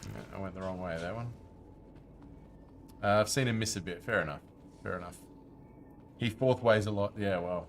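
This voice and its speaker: Male streamer, lowish voice, loose chatty play-by-play aimed at chat, faint room hum. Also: moderate pace, pauses often. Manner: chatty, talks to viewers while playing. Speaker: game streamer. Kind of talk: casual live-stream commentary.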